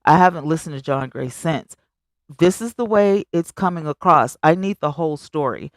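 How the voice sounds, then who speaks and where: A woman's voice: moderate pace, no echo, clean studio sound. A woman hosting a live stream, chatting casually and emphatically with her viewers and reading their comments aloud. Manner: animated, emphatic, swings high on exclamations; chatty, talks straight to viewers.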